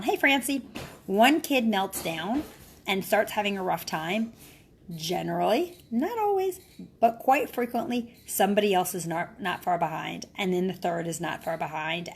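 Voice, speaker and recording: Chatty encouraging mom, "right?" tag. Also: female voice, lowish voice. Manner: chatty, ends phrases with a questioning "right?"; earnest and encouraging. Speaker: mother and wellness speaker. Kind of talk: casual live-video talk to followers.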